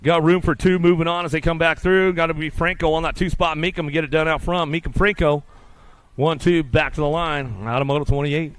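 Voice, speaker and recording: A man calling live BMX races in rapid, rhythmic announcer patter at an outdoor track. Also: a little high, steady tone, fairly bright tone, smooth, no room sound. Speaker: race announcer. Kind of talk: live BMX race commentary.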